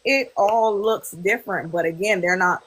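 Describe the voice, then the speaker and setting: A woman's voice: mid-range voice, moderate pace, low-quality recording. A woman in her thirties chatting as a podcast guest, telling stories and acting out quoted voices. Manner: animated storyteller, quoting others in lively voices. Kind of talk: casual podcast chat.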